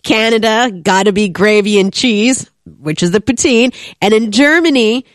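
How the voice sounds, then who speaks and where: A woman co-hosting a radio show, lively as she shares fun facts. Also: a little high, moderate pace, no echo, studio quality. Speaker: radio co-host. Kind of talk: casual radio chat.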